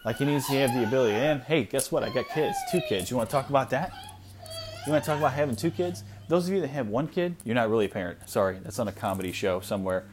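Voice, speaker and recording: Animated, blunt ranting man in his thirties. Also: mid-range voice, fast talker, background noise. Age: 30s. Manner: blunt, exasperated ranting with frequent "like" fillers. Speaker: podcast host. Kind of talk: solo ranting podcast. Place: at home with small children nearby.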